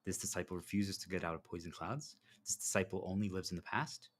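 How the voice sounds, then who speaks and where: A man's voice: low voice, fast talker. A man delivering a preachy motivational monologue as a self-styled spiritual guide, telling stories and acting out dialogue. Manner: preachy, animated storytelling with acted dialogue.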